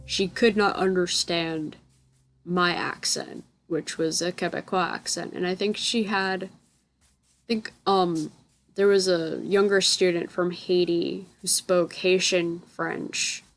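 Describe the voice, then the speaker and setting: A woman's voice: fairly low pitch, steady tone, slow pace. A young woman from the United States telling a rambling story in a casual voice-over, often stopping to correct herself. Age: young adult. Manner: rambling, self-correcting, chatty. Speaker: gaming channel host. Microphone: voice-over recorded separately from the game footage.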